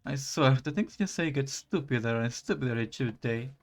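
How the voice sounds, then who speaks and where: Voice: mid-range voice, moderate pace, lightly acted. A streamer voicing a grim reaper in a visual novel, reading his lines with dry, exasperated put-downs. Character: grim reaper, aloof male, blunt and sarcastic. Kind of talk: reading game dialogue aloud.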